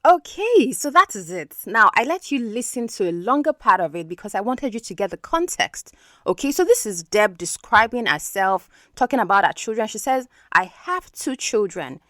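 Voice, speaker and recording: A woman's voice: fairly high pitch, sing-song, normal speed, fairly bright tone, dry recording, clean studio sound. A woman hosting an English-learning podcast who explains words patiently and keeps checking in with the listener. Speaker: English teacher and podcast host.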